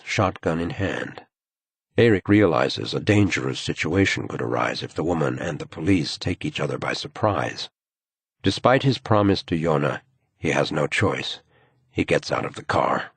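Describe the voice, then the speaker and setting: A man narrating a thriller audiobook in a slow, measured reading. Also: a bass voice, husky, dry recording. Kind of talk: scripted narration.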